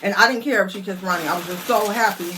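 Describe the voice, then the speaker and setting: A middle-aged woman vlogger telling a lively story to her viewers, chatty and animated. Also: mid-range voice, quick pace, noisy background.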